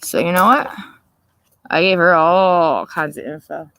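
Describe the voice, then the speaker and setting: A woman hosting a casual livestream, telling a story in a profane, animated way and laughing often. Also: fairly low pitch, unhurried, no echo. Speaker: livestream host.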